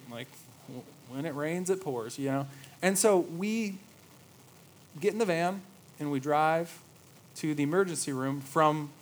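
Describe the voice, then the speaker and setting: A man in his thirties preaching a sermon, moving between quiet reverent passages and lively storytelling. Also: on the high side, slight background noise, poor audio. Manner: storytelling, swings from hushed awe to lively anecdote. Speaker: pastor.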